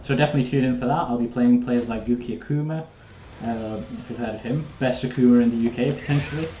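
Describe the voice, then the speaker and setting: A man's voice: mid-range voice, fast, dark tone, a little hiss or hum. A young man, chatting casually with viewers while commenting on his own live gameplay. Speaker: streamer. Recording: roomy echo.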